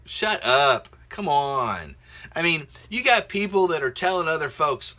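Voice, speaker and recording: A middle-aged man talks straight to camera from his home office, his voice bright and forceful with a fairly high pitch. He rants casually and swings his pitch widely, sometimes jumping up into squeaky mocking voices. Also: normal speed. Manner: animated, mocks others in high squeaky voices. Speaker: video blogger. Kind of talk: casual ranting vlog.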